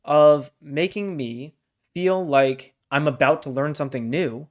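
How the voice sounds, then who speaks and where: A man's voice: fairly high pitch, a little slow. A man co-hosting a casual book discussion podcast, blunt and exasperated, swearing freely as he pushes back. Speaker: podcast co-host.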